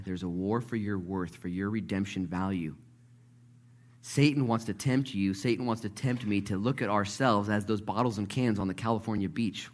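A man preaching in church to a congregation. He is animated and jokes, and acts out the voices of Bible characters. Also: fairly low pitch. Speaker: pastor. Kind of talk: sermon.

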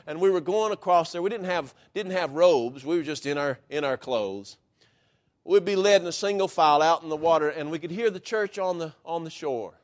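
Male preacher, high voice, folksy deliberate sermon storytelling. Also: lively intonation.

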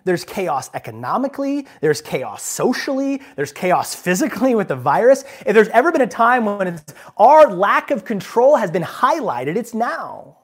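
Animated male pastor preaching a sermon. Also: high voice, moderate pace, few pauses, breathy edge. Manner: animated and emphatic, swinging from quiet asides to loud bursts; conversational, asks the congregation "right?".

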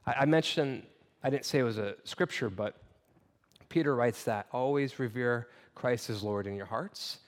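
A man in his thirties preaching, telling a family story in a conversational, animated way with halting restarts. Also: medium pitch. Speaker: pastor. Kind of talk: sermon storytelling. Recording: long reverb of a large hall.

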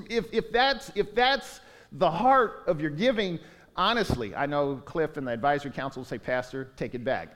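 A man preaching a sermon as pastor, animated, swinging from quiet asides to raised exclamations and acting out quotes. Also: high-pitched. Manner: animated, with sudden rises and drops and acted-out quotes. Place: church sanctuary. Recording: long hall reverb.

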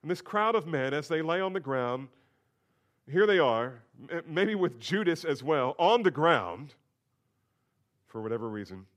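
A man preaching an expository sermon as pastor, moving between quiet asides and rising, emphatic declarations. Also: a little high, very animated, a little slow.

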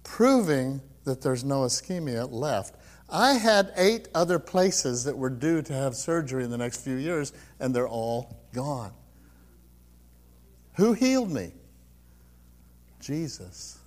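A man's voice: medium pitch, animated, a little slow. An older man giving a personal testimony, telling his story with frequent laughs and quoting others as he goes. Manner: storytelling, laughs often, acts out quotes.

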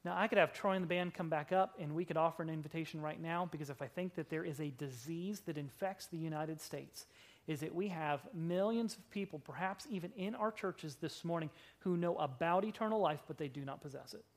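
During a church service, a woman with a low-pitched voice preaches a sermon. She alternates between loud, forceful lines and quiet ones, slowing down to lean on key words.

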